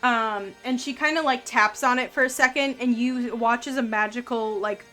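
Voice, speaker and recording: A woman's voice: on the high side, steady tone, normal speed, bright, forceful tone, soft background music. A woman narrating a tabletop game as game master, describing scenes in a casual, filler-heavy way.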